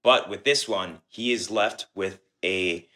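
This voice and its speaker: Man, lower voice, enthusiastic casual book-club podcast co-host. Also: takes it slowly, pushed and bright. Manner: enthusiastic, many fillers.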